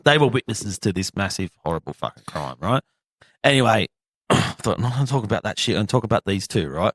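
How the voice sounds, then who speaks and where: A man's voice: on the low side, lively intonation, fairly quick, no echo. An Australian man co-hosting a podcast, telling stories in casual chat and swearing constantly. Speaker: podcast co-host.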